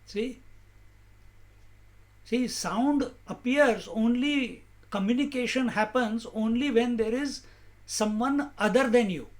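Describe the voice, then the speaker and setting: A man giving a spiritual discourse as a teacher, asking rhetorical questions in a measured, emphatic way. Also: extremely high pitch.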